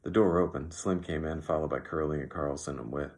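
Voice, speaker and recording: A man reading an audiobook as narrator in an even, measured way. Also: rumbling low. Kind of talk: scripted narration.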